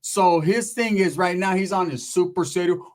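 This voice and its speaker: Casting: male comic storyteller, rambling and profane, voice on the higher side. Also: normal speed. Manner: profane, rambling, slips into impressions of relatives. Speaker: comedic storyteller. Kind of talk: casual comedic storytelling monologue.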